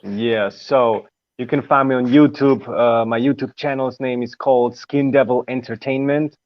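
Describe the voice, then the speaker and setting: A man's voice: medium pitch, fairly even intonation, normal speed, dry recording, muffled recording. A man appearing as a guest musician in a casual radio interview, easygoing, swearing freely and laughing often.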